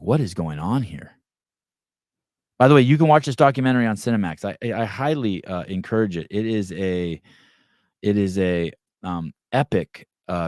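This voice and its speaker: Deep-voiced man rambling on a podcast. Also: darkish tone, dry recording, studio quality. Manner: rambling, restarts often, acts out quotes. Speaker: podcast host. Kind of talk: casual monologue.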